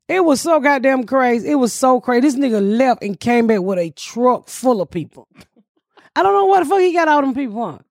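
A middle-aged woman from Atlanta, a podcast host telling a story in a profane, animated way and shouting out quotes. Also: high-pitched, a little fast, no room sound, studio quality. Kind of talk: casual storytelling chat.

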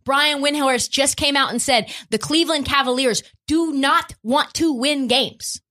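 A woman's voice: high-pitched, unhurried, sharp tone. A woman hosting a sports podcast, ranting with profanity and rhetorical questions. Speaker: podcast host. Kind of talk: opinionated sports talk.

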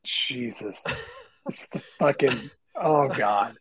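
Husky, foul-mouthed animated man. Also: mid-range voice, takes it slowly, low-quality recording. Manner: profane, animated storyteller. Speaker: guest guitarist. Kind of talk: casual podcast chat. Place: lives in Nashville.

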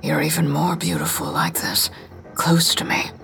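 A woman's voice: lowish voice, slow, faint music behind. A woman voicing a breathless, unhinged man with a knife. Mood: hushed, menacing. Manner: breathless and stuttering, swinging to shouts. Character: unstable, tormented male attacker with a knife.

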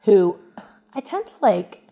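Guest, woman from Louisiana; frank, unfiltered storyteller with an average-pitched voice. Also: very animated, slow pace, creaky, mellow, highs cut off. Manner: candid and frank, laughs while telling stories. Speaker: podcast guest. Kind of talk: casual chat.

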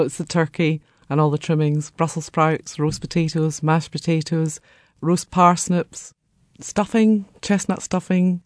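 A woman's voice: deep voice, a little mellow, dry recording, studio quality. A woman speaking plainly as a guest on a radio interview.

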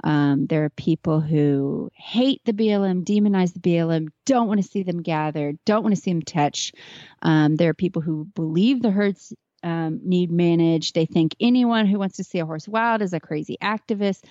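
A woman's voice: lowish voice, moderate pace, mellow, no room sound, dull audio. A woman talking casually as a podcast guest, earnest and chatty about horses she trains. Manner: earnest, chatty, tearing up at moments.

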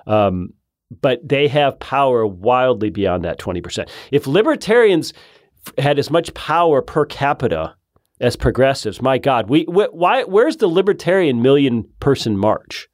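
A man's voice: medium pitch, big pitch swings, normal speed, dry recording. A male guest in casual political talk. He makes his points in short, emphatic bursts and often restarts his sentences. The recording is dry and close.

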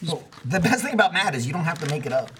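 This is a young man chatting on a podcast, his pitch riding a little high and bouncing freely. He jokes about himself in a loose, bantering way. A faint noise floor sits under the recording. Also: racing. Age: young adult. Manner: joking, self-mocking, animated. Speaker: podcast host.

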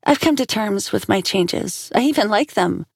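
A woman's voice: medium pitch, animated, moderate pace, gravelly, slightly rough, no echo, studio quality, voice pushed up. A woman voicing a frustrated young woman who speaks bluntly and heatedly. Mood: firm. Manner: heated, rising voice.

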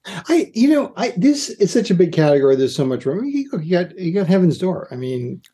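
A man's voice: sits high, very animated, brisk, dark tone. A man from Boston with a Boston accent, a distiller guest talking about whiskey in an easygoing way with short replies. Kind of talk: casual whiskey tasting chat.

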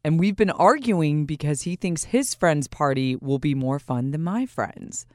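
A woman asks a radio host for advice in a quick, exasperated way. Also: sits low, a little mellow, no echo, studio quality. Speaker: listener asking for advice.

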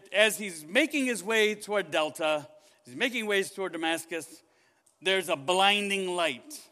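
In a high, bright, forceful voice, a male pastor preaches a sermon, animated and repeatedly asking his congregation questions. The tone is clean, and a long hall reverb trails each phrase.

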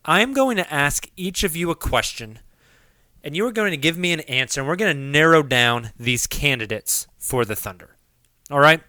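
A man hosts a casual sports podcast with a bright, forceful voice. The sound is dry and close, and he talks in an upbeat way, steering the chat and firing questions at the others. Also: fairly high pitch, lively intonation, moderate pace, no room sound. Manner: upbeat, leads the conversation and poses questions. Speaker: podcast host.

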